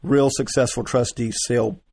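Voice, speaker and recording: A man's voice: mid-range voice, moderate pace, vocal fry, breathy edge, no room sound. Chuckling man, dry close sound. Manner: chuckling, relaxed storyteller. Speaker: real estate investor, host. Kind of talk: casual interview chat.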